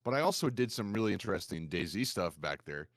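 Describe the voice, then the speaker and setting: A man with a low voice, a streamer guest on a podcast, telling his stories in a lively, animated way. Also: fast talker, dry recording, clean studio sound. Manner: animated storyteller, acts out quoted gamers in a raised voice. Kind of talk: casual podcast conversation.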